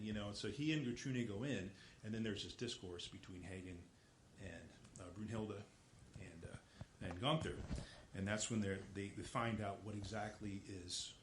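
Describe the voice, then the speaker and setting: A low-voiced man gives an informal lecture, retelling a story in a loose, rambling way. He fills pauses with "uh" and "you know" and keeps correcting himself as he goes. The recording sounds roomy and echoey, with a faint hiss underneath. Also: fairly even intonation. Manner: rambling, filler-heavy, self-correcting. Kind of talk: casual lecture retelling an opera plot.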